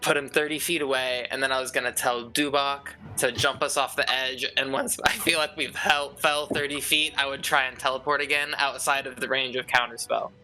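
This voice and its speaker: A man playing a tabletop game, excitable and swearing freely, laughing often as he plans his moves. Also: mid-range voice, a little fast, hardly any pauses, soft background music. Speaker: player. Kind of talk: tabletop game play, casual.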